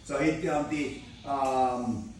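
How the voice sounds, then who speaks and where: A man's voice: medium pitch, steady tone, takes it slowly, darkish tone. A man with a New Zealand accent telling a casual story in a speech to a jiu-jitsu club, swearing often, laughing a lot and using many fillers. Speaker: jiu-jitsu training partner giving a speech. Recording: echoey room, distant mic, background noise.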